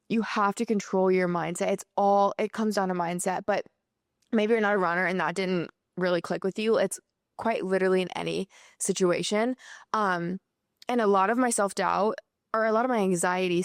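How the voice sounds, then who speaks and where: A woman's voice: mid-range voice, creaky, no echo, clean studio sound. A young woman in her twenties talking casually and earnestly about faith and mindset, with lots of filler words. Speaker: podcast host.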